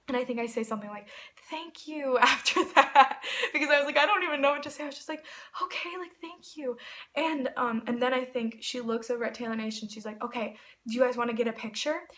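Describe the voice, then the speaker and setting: A young woman telling a personal story in a vlog, excited and rambling, full of fillers and quoted dialogue. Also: on the high side. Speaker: vlogger.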